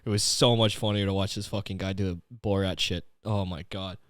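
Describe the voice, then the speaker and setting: A man's voice: low voice, fairly even intonation, a little fast, no room sound, studio quality. A young man from Canada hosting a comedy podcast, talking in a profane, rambling, slang-heavy rant. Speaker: podcast host.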